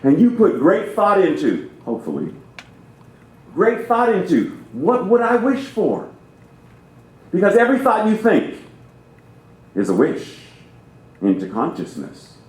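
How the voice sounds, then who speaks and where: A man's voice: high-pitched, huge pitch swings, a little slow, long pauses, a little mellow. A man preaching as a guest minister, talking with theatrical emphasis and playing with how he phrases things. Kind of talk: sermon. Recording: roomy church reverb.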